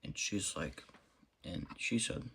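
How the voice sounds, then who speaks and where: Quiet gravelly young man telling a story. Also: deep voice, lively intonation, slight background noise. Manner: quiet, halting, many fillers and restarts. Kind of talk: storytelling monologue.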